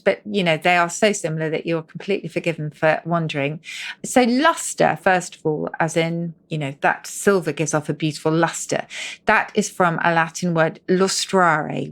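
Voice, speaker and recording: A middle-aged woman co-hosting a casual podcast, explaining where words come from with lively asides. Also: on the low side. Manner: animated, explains word origins with asides. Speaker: co-host.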